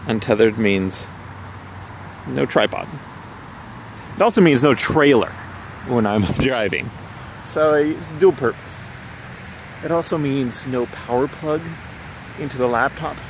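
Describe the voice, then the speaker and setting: A young man vlogging casually about his photo outings, chatty and quick to laugh as he walks and drives around the city. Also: mid-range voice. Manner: chatty, laughs often, thinks aloud while walking and driving. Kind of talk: casual handheld travel vlog. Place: outdoors and in a car around a city. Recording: noisy outdoor street recording.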